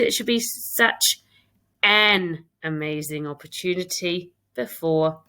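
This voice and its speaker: A woman's voice: lowish voice, slow pace, sharp tone, clear, resonant tone. A woman with a British accent, a primary school teacher giving a recorded English lesson to young pupils. She reads her own writing aloud and talks it through step by step.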